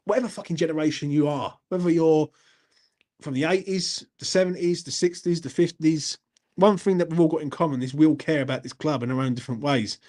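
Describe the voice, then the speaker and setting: A man talks casually on a live stream, sweary and blunt, often breaking into laughs. His voice sits a little higher than most men's. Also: darkish tone. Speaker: YouTube channel host.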